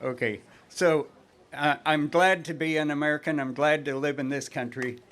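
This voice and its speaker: A man from the audience at a campus debate, building his question slowly with pauses and restarts. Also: on the high side, steady tone, fairly bright tone, a little hiss or hum. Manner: halting, many fillers and restarts. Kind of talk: debate Q&A at a mic.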